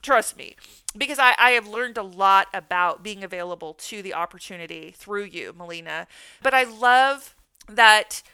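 Woman, podcast host, counselor, bright clear voice, reflective, affirming. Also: medium pitch, normal speed, no echo. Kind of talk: faith podcast chat.

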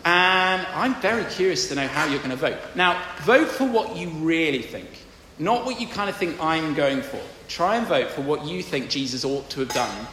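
A man's voice: a little high, animated, normal speed, sharp tone, slight background noise. A man with a posh English accent, a vicar giving a playful family sermon, drawing in the congregation. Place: large church. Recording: echoey church hall.

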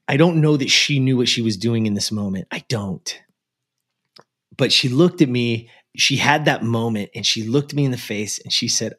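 A man's voice: medium pitch, moderate pace, a bit bright, husky. A man from the United States telling a personal story as an interview guest, earnest and emphatic, with many casual fillers. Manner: earnest and emphatic, with frequent "like" and "you know".

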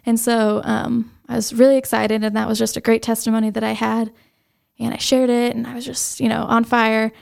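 Earnest young woman, gravelly yet smooth. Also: a little high, flat delivery, a little mellow. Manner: earnest, halting, with many fillers. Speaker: interview guest. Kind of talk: personal faith testimony.

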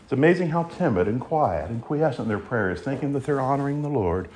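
A man's voice: medium pitch, brisk. A male preacher delivering a sermon in an emphatic way, building up to strong exclamations. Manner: animated, emphatic, rises to exclamations.

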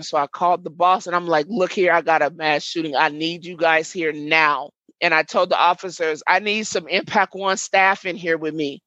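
A woman's voice: on the low side, a bit bright, no echo, dull audio. A middle-aged woman telling her story in an interview, reliving events vividly and quoting what everyone said. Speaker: interviewee, mother and community worker. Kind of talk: emotional first-person testimony.

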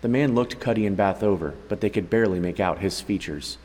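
A man narrating a story in a steady, even way, as an audiobook reader. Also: low voice, a little fast, big-room sound, poor audio. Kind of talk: scripted narration.

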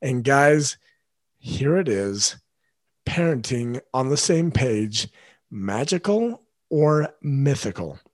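A man talks earnestly straight to his listeners as the host of a solo parenting podcast. His voice sits at an ordinary middle pitch. The recording is dry and close, with no room sound. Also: big pitch swings, slow, no room sound. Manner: earnest, speaks directly to listeners. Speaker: father.

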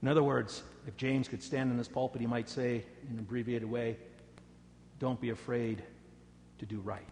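A male pastor preaching a sermon, telling stories dramatically and dropping to a soft voice for prayer. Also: mid-range voice, level tone, normal speed, big-room sound, slight background noise. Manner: dramatic storytelling, rising loud for quoted taunts, dropping soft for prayer.

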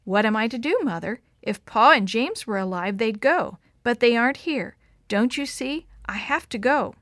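A woman voicing a brave, determined young woman in a storm, speaking earnestly and sometimes shouting over the wind. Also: a little high, expressive, moderate pace, dry recording, studio quality.

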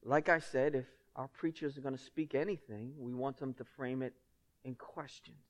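A man's voice: medium pitch, steady tone, moderate pace. Emphatic preaching pastor, a man. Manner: conversational and emphatic, asks the congregation rhetorical questions. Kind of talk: sermon.

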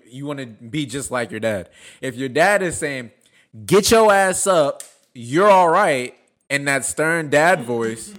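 A man in a casual podcast talk, telling a story with energy and swearing. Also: medium pitch. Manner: animated storytelling, profane. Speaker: podcast host.

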